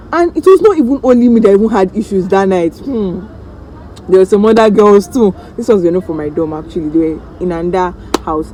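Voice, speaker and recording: A Nigerian woman vlogger telling a story-time tale in an animated, dramatic way, acting out the voices of the people in it. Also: medium pitch, a little hiss or hum, low-quality recording.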